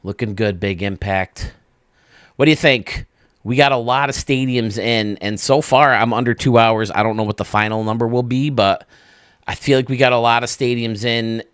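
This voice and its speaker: A man's voice: medium pitch, fairly even intonation, normal speed, fairly bright tone, clear, resonant tone, no room sound, studio quality. A man hosting a video game channel, casually commenting with enthusiasm, rambling a bit and laughing often.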